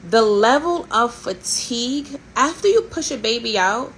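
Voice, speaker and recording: A woman's voice: fairly high pitch, measured pace, a little hiss or hum, rough recording. Candid sarcastic woman in her thirties. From Haitian family. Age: 30s. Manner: candid, sarcastic and animated, swears and laughs often. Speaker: host. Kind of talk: casual storytelling chat.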